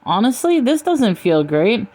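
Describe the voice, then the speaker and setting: A woman's voice: on the high side, sing-song, unhurried, darkish tone, pitched above the performer's own voice. A woman voicing a self-centered, blustering older man who rambles and pities himself, in a comic storybook reading. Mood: uneasy.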